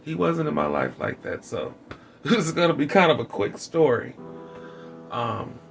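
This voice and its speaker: A man vlogging a candid personal story with wry dark humor, rambling and repeating his phrases. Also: on the high side, big pitch swings, unhurried, vocal fry. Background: background music.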